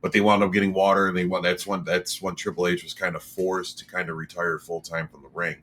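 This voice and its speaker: A man's voice: low voice, little pitch movement, a little fast, a bit bright, slight background noise. A man talking casually in a podcast chat, rambling with lots of fillers and restarts.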